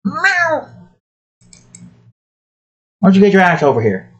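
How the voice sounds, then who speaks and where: A man's voice: high-pitched, big pitch swings, racing, slightly rough, dull audio. A man talking casually to himself while drawing digital art, muttering about his work and snapping at his cat. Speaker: artist drawing on stream.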